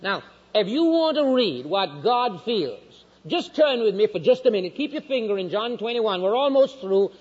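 A man with a high voice preaches with fervor, lifting his lines into loud peaks and then sinking them low. He was recorded on dull, lo-fi old tape. A long reverb trails his words across the hall. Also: sing-song, moderate pace, hardly any pauses, slightly rough. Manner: impassioned preaching, swinging from loud highs to low quiet lines. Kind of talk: sermon.

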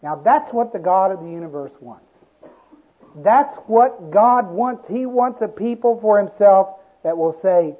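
Slow, high-voiced preacher on tinny tape. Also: male voice, animated. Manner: slow, emphatic preaching with repeated phrases. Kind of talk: sermon. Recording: tinny lo-fi sermon recording.

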